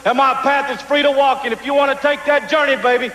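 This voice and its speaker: A man with a very high voice shouts a defiant wrestling promo. His voice rings with long echo, as if he is in a big hall. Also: steady tone, fast talker. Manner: defiant, brash. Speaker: pro wrestler, champion. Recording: echoey hall.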